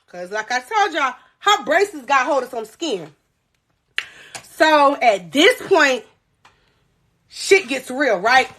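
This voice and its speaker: A young woman hosting a livestream, telling a high school story in an animated, profane voice and talking straight to her viewers. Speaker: livestream host.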